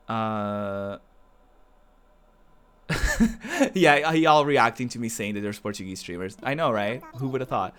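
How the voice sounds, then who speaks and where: A man's voice: medium pitch, lively intonation, a little slow, pauses often, fairly bright tone, smooth. A man from the American South chatting casually on a game stream, rambling, restarting his sentences and answering his chat as he plays. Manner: talks back to viewer chat as he plays.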